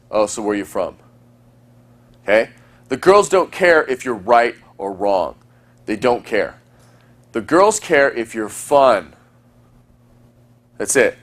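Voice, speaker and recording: In a mid-range voice, a man runs through a dating lesson at a fast, talkative clip. The recording feels conversational, and he keeps slipping into playful sample lines.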